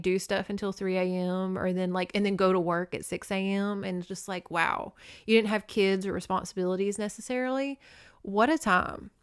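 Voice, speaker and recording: A woman's voice: medium pitch, smooth. A young adult woman hosting a podcast, recapping a horror novel in a chatty, playful way with sarcastic asides. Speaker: podcast host. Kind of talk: casual book recap podcast.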